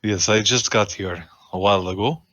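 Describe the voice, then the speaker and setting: A man playing a tabletop game in a relaxed, polite manner. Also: fairly low pitch, normal speed, no echo, lo-fi sound. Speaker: player.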